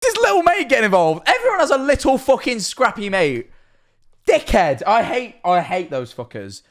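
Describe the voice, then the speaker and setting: A man's voice: extremely high pitch, very animated, normal speed. A young man casually reacting to videos on stream, rambling, swearing freely and laughing often.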